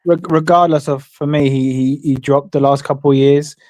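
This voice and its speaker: Male fan guest, mellow and dark, dry sound, earnest rambling. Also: on the high side, fairly even intonation, moderate pace, dry recording. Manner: earnest, rambling, says "like" a lot. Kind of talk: casual fan call-in chat.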